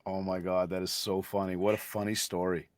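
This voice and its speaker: A man's voice: deep voice, little pitch movement, fairly quick, dry recording, studio quality. A man hosting a podcast who reacts with enthusiasm and asks long, rambling questions. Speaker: podcast host. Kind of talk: casual interview talk.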